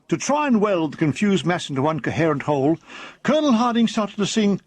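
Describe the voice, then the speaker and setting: High-voiced man reading a comic memoir deadpan. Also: fairly quick, no room sound. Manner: dry, deadpan comic delivery that briefly puts on voices for quoted characters. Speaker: author reading his own memoir. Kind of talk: comic audiobook narration.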